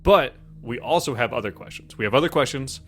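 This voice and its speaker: A man's voice: medium pitch, lively intonation, a little fast, a bit bright, faint music behind. A man hosting a casual group chat show, talking loosely and laughing often. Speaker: podcast host.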